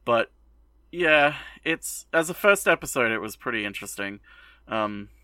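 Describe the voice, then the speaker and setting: A man on a podcast mic with a bright, forceful voice that swings lively up and down. He hesitates and leans on fillers as he gives his take. The sound is dry and close. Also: medium pitch, normal speed, no room sound. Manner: hesitant, filler-heavy, animated. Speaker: podcast co-host. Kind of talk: casual anime discussion.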